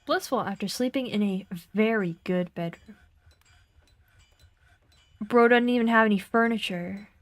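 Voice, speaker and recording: A woman's voice: medium pitch, a little slow, pauses often, no room sound. A young woman streaming a game, chatting casually, giggling often and reading game text aloud.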